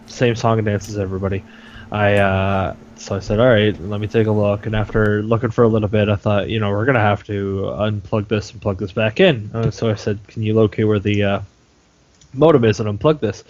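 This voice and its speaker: A young man on a podcast with a lowish voice, telling a long story loosely and filling gaps with ums and uhs. The recording is dull and lo-fi, with a faint hiss underneath. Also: fairly even intonation, moderate pace, a little mellow. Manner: rambling storyteller, many fillers and swearing. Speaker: podcast co-host. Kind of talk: casual chat. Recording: dull lo-fi sound with faint noise.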